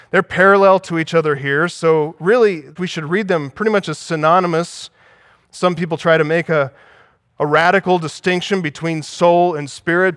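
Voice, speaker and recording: A man's voice: high voice, fairly bright tone, dry recording, studio quality. A man preaching a sermon as pastor, teaching and asking the congregation for agreement.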